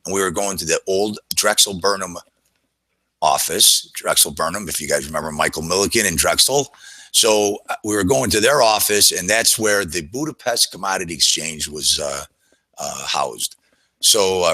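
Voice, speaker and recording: A low-pitched man tells a long personal story in a loose, rambling way, stopping and restarting often. His voice is bright and forceful, and the recording is dry and close with no room sound. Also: no echo, low-quality recording. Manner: rambling, with frequent fillers and restarts. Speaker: trader telling a story to an audience. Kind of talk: casual storytelling.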